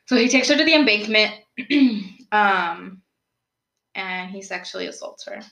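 A woman's voice: medium pitch, a little slow, creaky. Chatty young woman telling a crime story. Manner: chatty, animated, lots of "like" and rhetorical questions. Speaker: podcast host. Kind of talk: casual true-crime storytelling. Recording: roomy echo.

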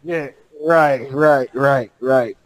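A man's voice: mid-range voice, drawn-out words, dry recording, low-quality recording. A man, a podcast guest, telling a long story in casual, slangy speech with lots of laughter.

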